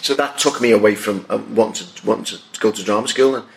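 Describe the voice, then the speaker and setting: Fast-talking low-voiced Liverpool man. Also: vocal fry. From Liverpool, England. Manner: earnest, reflective storytelling. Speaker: actor guest. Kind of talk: casual chat. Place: top deck of a parked bus, at a table.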